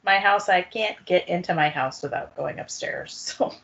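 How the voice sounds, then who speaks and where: A woman's voice: fairly low pitch, normal speed, gravelly, a bit bright. A woman co-hosting a podcast in casual chat, rambling with many fillers. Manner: rambling, lots of fillers and restarts. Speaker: podcast co-host. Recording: dull lo-fi sound.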